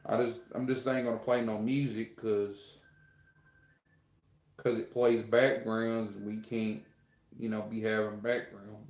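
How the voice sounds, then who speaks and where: Slow, rambling man in an echoey room. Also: lowish voice, a little mellow. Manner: rambling and repetitive, full of fillers; earnest, heartfelt thanks to fans. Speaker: livestreamer. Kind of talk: casual livestream chat to viewers.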